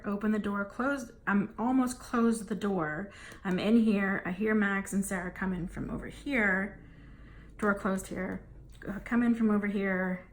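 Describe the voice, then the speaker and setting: A woman's voice: medium pitch, a little hiss or hum. A woman in her thirties or forties, telling a frustrating family story to camera in a casual, venting way and acting out what everyone said. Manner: exasperated, venting, acts out family dialogue. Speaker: vlogger.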